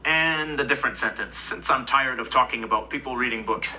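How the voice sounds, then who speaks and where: Man, mid pitch, bright tone, calm explanatory lesson narration. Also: a little fast, slight background noise, rough recording. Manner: even, explanatory. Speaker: language video narrator. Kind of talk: scripted educational narration.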